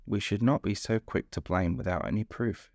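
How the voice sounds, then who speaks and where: Brave little bee girl from a storybook, determined, voiced by a man low and gravelly. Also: moderate pace, darkish tone, no room sound, clean studio sound, natural voice. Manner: determined, earnest.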